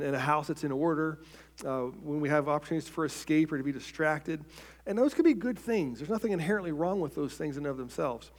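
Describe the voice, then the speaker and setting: A slightly high-voiced man preaches in earnest, falling to a quiet, soft voice on the key points. He habitually repeats words as he opens a phrase.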